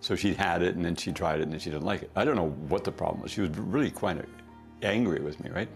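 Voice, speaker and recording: A middle-aged man, a company founder, telling stories in a casual, animated way, often laughing at himself. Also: low-pitched, fast talker, gravelly, soft background music. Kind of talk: casual anecdotal storytelling.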